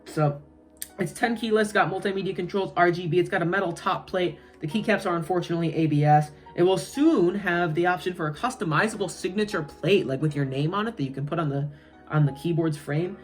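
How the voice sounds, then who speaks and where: A woman's voice: lowish voice, brisk, soft background music. A woman giving a casual, rambling product review, full of fillers and asides. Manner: chatty, rambling, frequent fillers. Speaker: tech reviewer.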